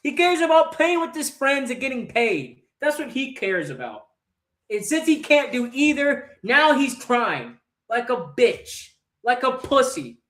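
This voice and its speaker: A man's voice: extremely high pitch, very animated, a little slow, a bit bright. Angry man ranting in a roomy echo. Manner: angry, profane ranting with rhetorical questions. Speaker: host of a football fan channel. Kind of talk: livestream match reaction rant.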